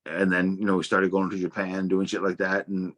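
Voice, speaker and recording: A man's voice: deep voice, monotone, a little fast, fairly bright tone. A young adult man telling casual stories as a guest, swearing freely and stumbling through restarts. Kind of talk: casual storytelling.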